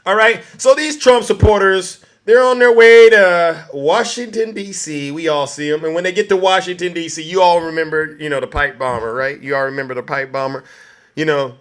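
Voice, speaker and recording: A man's voice: a little high, steady tone, moderate pace. A man giving a mocking, ranting political commentary, often turning to his listeners with a direct address. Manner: mocking, keeps addressing "ladies and gentlemen".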